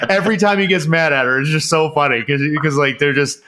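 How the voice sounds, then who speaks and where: Animated man telling a swearing-heavy story. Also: fairly high pitch, fast. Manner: animated storyteller, swears freely, acts out people's lines. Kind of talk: casual chat.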